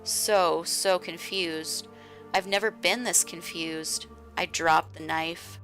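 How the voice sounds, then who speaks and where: Woman reading a visual novel slowly. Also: lowish voice, a bit bright. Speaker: game streamer.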